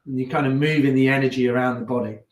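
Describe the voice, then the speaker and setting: A yoga teacher with a Leicester accent talks his class through slow breaths and stretches. His cues are calm and unhurried, broken by easygoing chatty asides. His mid-pitched voice rings around an echoey room. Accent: Leicester English. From England. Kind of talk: guiding a gentle yoga class.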